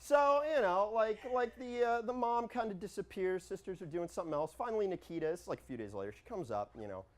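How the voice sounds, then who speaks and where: Male improv storyteller, rambling comic monologue, very lively pitch. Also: fast talker, few pauses. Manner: rambling, animated, quotes himself in lively voices.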